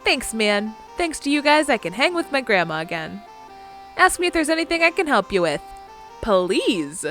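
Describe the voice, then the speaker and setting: A woman's voice: a little high, big pitch swings, moderate pace, bright, forceful tone, soft background music. A woman voicing an earnest young skeleton man returning home, reading his lines with feeling. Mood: joyful.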